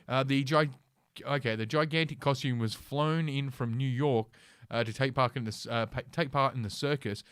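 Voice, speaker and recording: A man's voice: mid-range voice, normal speed, hardly any pauses, fairly bright tone, clean tone, no echo, studio quality. A man hosting a casual ranting commentary stream from his computer, reading news aloud with sarcastic, profane asides and lots of fillers. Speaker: host.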